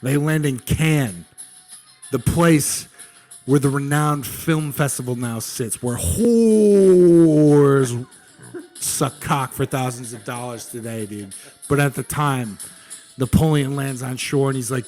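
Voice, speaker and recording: A man's voice: mid-range voice, slow, darkish tone, soft background music. A young man co-hosting a podcast, telling history in a casual, profane, slangy way and saying "dude" a lot. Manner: slangy and profane, says "dude" often, acts out quotes. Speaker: podcast co-host.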